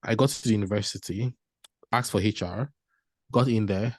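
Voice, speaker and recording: A man, giving a motivational storytelling talk as a panel speaker, animated and laughing often as he acts out dialogue. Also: fairly low pitch, moderate pace, no room sound, studio quality.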